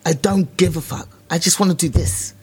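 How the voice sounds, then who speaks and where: A woman's voice: on the low side, fairly quick, darkish tone, slightly rough. A woman stand-up comedian in casual chat, talking bluntly with plenty of swearing. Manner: blunt, sweary, self-deprecating.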